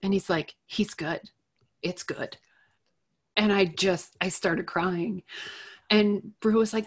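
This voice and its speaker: A woman's voice: mid-range voice, takes it slowly, long pauses, husky. Candid middle-aged woman telling a personal story. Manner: candid, animated, laughs between phrases. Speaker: guest.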